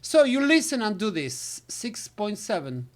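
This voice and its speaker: A woman's voice: medium pitch, big pitch swings, unhurried, darkish tone. Woman English teacher, casual lesson voice, trails off into filler syllables. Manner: filler syllables, switches to Spanish. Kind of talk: recorded lesson walkthrough.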